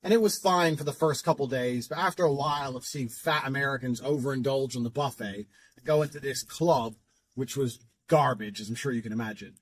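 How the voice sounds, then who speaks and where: A man's voice: medium pitch, brisk, slightly rough. A man telling a story in a casual, profane and boastful way.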